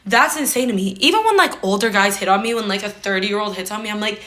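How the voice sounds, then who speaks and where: A young woman in her twenties chats straight to the camera in a relaxed vlog. She is candid and talkative, swears without a second thought and plays out her own reactions as she goes. Her voice sits at an ordinary middle pitch for a woman. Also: fairly quick. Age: 20s. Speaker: social media creator. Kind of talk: casual vlog chat to camera.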